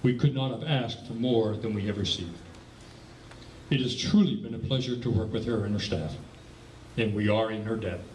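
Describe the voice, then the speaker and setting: A man with a measured, formal delivery, presenting an award at an evening event. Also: fairly low pitch, a little mellow. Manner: measured and formal, read from notes. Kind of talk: prepared speech at an awards event. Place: banquet hall. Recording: echoey hall from far off with faint noise.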